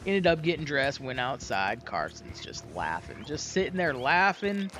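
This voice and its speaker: A man's voice: mid-range voice, very animated, normal speed, fairly bright tone, soft background music. A young man casually telling a roleplay story in a folksy, rambling way with many fillers and restarts.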